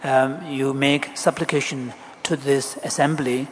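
A man's voice: medium pitch, fairly even intonation, a little slow. A man interpreting a Buddhist teaching, hesitant, with many ums and uhs. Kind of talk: interpreting a dharma talk. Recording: long hall reverb, faint noise.

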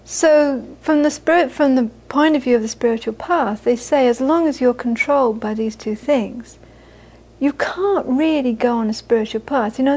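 A woman's voice: on the high side, a little mellow. A British woman, a Buddhist teacher, giving a dharma talk to a live audience, earnest and repeating phrases for emphasis, with frequent laughter.

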